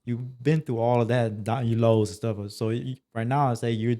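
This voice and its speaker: A man's voice: medium pitch, fairly even intonation, moderate pace, mellow. A man hosting a podcast, asking loose casual questions and giving short backchannel replies. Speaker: podcast host. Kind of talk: casual interview.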